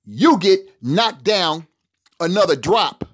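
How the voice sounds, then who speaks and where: A middle-aged man delivering solo podcast commentary with a preachy, emphatic bent. His pitch climbs and drops in wide swings as he presses his points and doubles up words for weight. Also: sing-song, slow, slightly rough. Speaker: podcast host.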